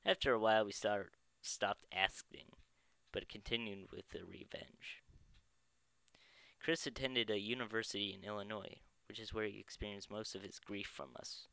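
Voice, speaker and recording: A man's voice: fairly low pitch, steady tone, normal speed, vocal fry, bright, forceful tone, no echo, poor audio. A man narrating a first-person story in an amused tone, with occasional slips and chuckles.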